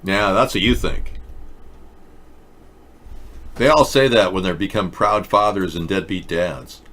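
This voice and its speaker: A deep-voiced host with a fairly bright tone speaks unhurriedly, with long pauses, on a casual comedic talk show. He mocks and jokes sarcastically, breaking off rants to mumble through reading aloud.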